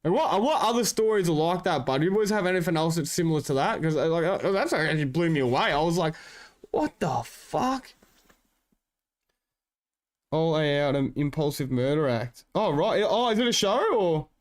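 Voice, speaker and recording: Aussie streamer bloke, rambly and sweary, voice a bit on the high side. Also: male voice, animated, brisk, hardly any pauses. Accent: Australian. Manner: rambling, heavy swearing, slangy. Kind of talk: casual chat with viewers.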